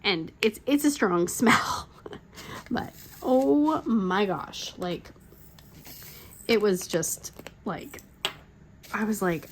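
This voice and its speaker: Speaking very slowly with long pauses, a middle-aged crafting-channel host rambles through stories, saying "like" a lot and laughing frequently. Her voice is medium-pitched, with slight background noise.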